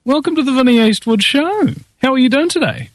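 A man's voice: very high voice, lively intonation, fairly quick, dry recording. A man with a New Zealand accent hosting a talk show, joking and sarcastic in casual chat. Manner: jokey, sarcastic, often laughing.

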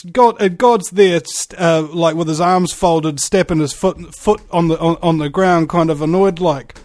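A man's voice: fairly high pitch, moderate pace, hardly any pauses, a little mellow, dry recording, clean studio sound. A man hosting an interview conversation, hesitant with frequent fillers as he tells stories. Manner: hesitant, many fillers, storytelling. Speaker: host.

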